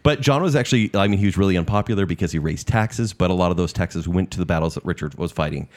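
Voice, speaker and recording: A man co-hosting a casual podcast, telling history stories in a lively, playful way. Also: low-pitched, quick pace. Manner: animated storyteller who acts out historical figures. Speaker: podcast co-host. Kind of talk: casual chat, storytelling.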